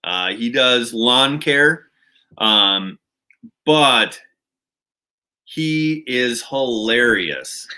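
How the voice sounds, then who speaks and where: Slow-talking Minnesotan man, bright tone. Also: mid-range voice. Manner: relaxed and rambling, with many fillers and restarts. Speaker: channel host. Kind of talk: casual livestream chat.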